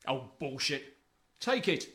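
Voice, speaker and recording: A man's voice: medium pitch, very animated, slow, pushed and bright, heavily acted. An actor with a British accent playing a pompous, bullying wealthy man who sneers at his brother in a sitcom. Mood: scornful. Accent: British English. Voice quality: sneering, contemptuous. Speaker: rich brother negotiating a property deal. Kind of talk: sitcom acting.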